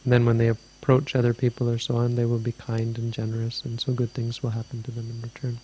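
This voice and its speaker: A man's voice: medium pitch, completely flat delivery, fast talker, dark tone, slightly rough. A man teaching as a Buddhist teacher, answering a question in a dharma talk with meandering, thoughtful storytelling.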